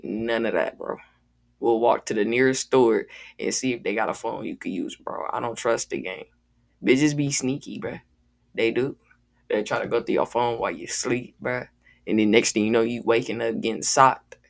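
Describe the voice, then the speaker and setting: A man's voice: mid-range voice, gravelly. A man hosting a music reaction video, talking casually in a slangy, laid-back way. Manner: slangy, laid-back, peppers talk with "bro" and "gang".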